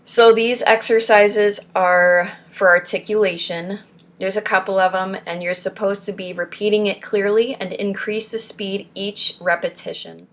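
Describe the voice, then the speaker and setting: Slow-talking woman leading speech drills. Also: mid-range voice, steady tone. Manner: drills syllables aloud, chuckling between them. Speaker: support group speech coach. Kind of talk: casual spoken exercise lesson.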